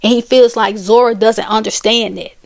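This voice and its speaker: A woman retelling a book's plot in a casual, conversational way, animated, with chatty asides. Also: a little high, moderate pace, vocal fry. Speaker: book and movie reviewer. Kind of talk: casual storytelling recap.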